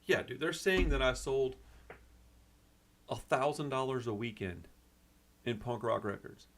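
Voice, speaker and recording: A man's voice: mid-range voice, measured pace, a little hiss or hum. A man hosting a punk rock channel, upset and venting in a rambling, casual way that is full of "dude" and "bro.".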